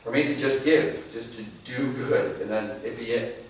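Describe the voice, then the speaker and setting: A man giving a church teaching talk in an animated, joking, conversational way. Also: mid-range voice, normal speed, a little hiss or hum. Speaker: church catechist speaker. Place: church hall. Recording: echoey hall, distant mic.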